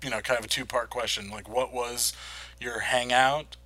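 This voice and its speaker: A man's voice: mid-range voice, steady tone, moderate pace, pushed and bright. A man co-hosting a podcast, joking and asking follow-up questions in casual film talk. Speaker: podcast co-host.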